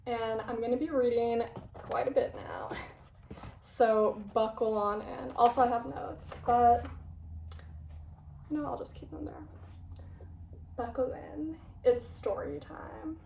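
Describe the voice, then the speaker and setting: A woman's voice: a little high, takes it slowly, vocal fry, pauses often, darkish tone, distant mic, a little hiss or hum. A young woman talking casually in a video essay and reading passages aloud. She chats and interrupts herself with playful asides, and she sounds a little out of breath. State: slightly out of breath. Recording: echoey room, voice a bit off-mic.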